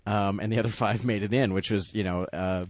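A man's voice: fairly low pitch, steady tone, brisk, no echo. Middle-aged or older male co-host, chatty and rambling, lots of restarts, dry close recording. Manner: rambling storyteller, many restarts, acts out quotes loudly. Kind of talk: casual movie commentary chat.

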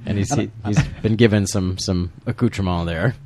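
A man's voice: on the low side, moderate pace, a little mellow, a little hiss or hum. A man hosting a casual movie commentary, rambling with restarts and laughing often. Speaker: podcast host.

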